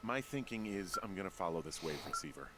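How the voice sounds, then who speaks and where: Low-voiced lively-toned tired fire lookout, deadpan, game dialogue. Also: male voice, fairly quick, very noisy. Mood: wry. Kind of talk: video game voice acting.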